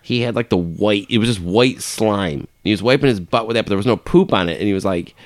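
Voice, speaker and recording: A man in casual, crude chat with a friend, laid-back and swearing, with sudden loud bursts when a story gets going. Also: on the low side, brisk, no echo, studio quality.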